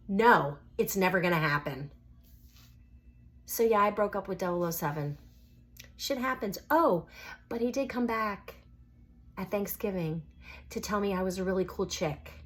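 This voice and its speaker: A middle-aged woman casually telling a dating story on her vlog, wry and sarcastic, acting out quoted lines. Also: on the low side. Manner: wry, sarcastic, quotes people in lively asides.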